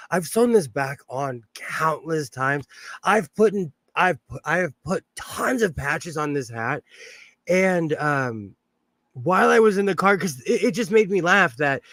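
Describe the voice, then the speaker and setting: A man hosts a sewing livestream from his home sewing room, talking in a loose, rambling way and often breaking into laughter. His voice sits a little on the high side, and the sound is close and dry with hardly any room echo. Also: fairly bright tone. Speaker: livestream host. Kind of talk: casual livestream chat while sewing.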